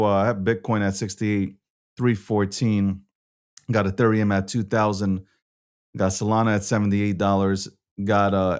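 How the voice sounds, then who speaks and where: Gravelly man hosting a livestream. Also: lowish voice. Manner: frustrated, swearing, talking to himself. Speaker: host. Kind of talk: casual livestream news show.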